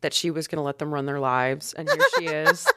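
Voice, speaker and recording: Lively, swearing woman podcast co-host. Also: low-pitched, fairly quick, clear, resonant tone, no echo, clean studio sound. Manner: animated retelling, swears freely. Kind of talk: casual chat.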